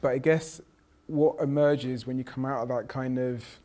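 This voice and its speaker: A man's voice: mid-range voice, fairly even intonation, moderate pace, warm tone, slight background noise. Reflective man telling his story. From South London. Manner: reflective, with frequent restarts and quoted voices. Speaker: professor and panel guest. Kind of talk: personal storytelling in conversation.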